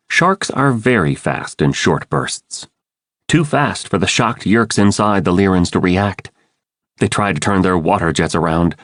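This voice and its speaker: A man's voice: low voice, no room sound, studio quality. A man narrating an audiobook in first person, reading with dramatic expression. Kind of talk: scripted narration.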